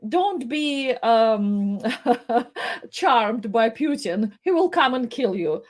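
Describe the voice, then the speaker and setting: A woman giving tearful, impassioned live commentary, pleading with halting restarts. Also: fairly high pitch, very animated.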